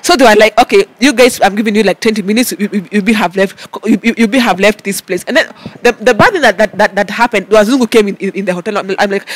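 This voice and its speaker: A woman with a Kenyan accent, recounting her story to an interviewer in a lively way, with many stammered repeats and mixing in Swahili. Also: mid-range voice, fast talker, hardly any pauses, no echo. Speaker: interview guest.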